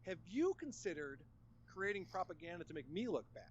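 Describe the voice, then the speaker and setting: A sarcastic, mocking man in casual podcast chat, his voice high for a man and swinging widely in pitch. The audio is slightly dull, with faint background noise. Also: sing-song, brisk. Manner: sarcastic, mocking, laughs often. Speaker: podcast guest.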